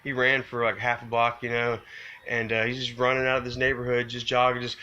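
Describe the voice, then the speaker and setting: A man with a bright, forward voice recounts something he regrets, rambling and circling back on himself. He fills every pause with "you know" and "man". When the remorse surfaces, his pitch climbs and his voice strains. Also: completely flat delivery, clean tone, highs cut off. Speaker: vlogger telling a personal story. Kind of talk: confessional storytelling to camera.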